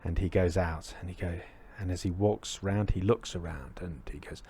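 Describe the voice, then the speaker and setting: A deep-voiced man gives a reflective dharma talk, his tone low and husky. He pauses often and searches for words, circling back as he thinks aloud. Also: dark tone. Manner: reflective, hesitant with many fillers. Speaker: Buddhist teacher.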